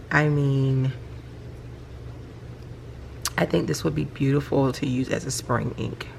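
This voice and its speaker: A middle-aged woman, chatting casually about her hobby at home at night and gushing with excitement. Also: deep voice, gravelly, slight background noise. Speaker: planner vlogger. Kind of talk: casual show-and-tell vlog.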